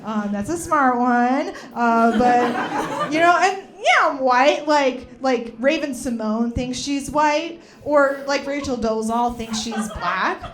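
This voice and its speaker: A young woman doing stand-up, rambling and chatty and packed with fillers. Her voice sits a bit high and bounces around a lot, as if she is riffing live. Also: expressive, slow, crowd noise. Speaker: stand-up comedian. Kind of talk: stand-up comedy set.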